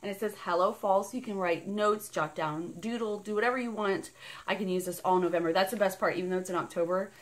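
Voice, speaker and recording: A woman's voice: mid-range voice, quick pace. A woman vlogging an unboxing in a casual, bubbly and rambling way, gushing over each item. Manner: bubbly and gushing, squealing with delight; rambling and chatty.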